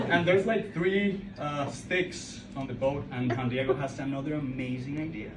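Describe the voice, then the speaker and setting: A young man with a Colombian Spanish accent, a native Spanish speaker, telling a stand-up story on a club stage, halting and full of fillers and restarts. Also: a little high, background noise. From Colombia (Bogota). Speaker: stand-up comedian. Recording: roomy club sound from far off, loud crowd. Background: audience laughing.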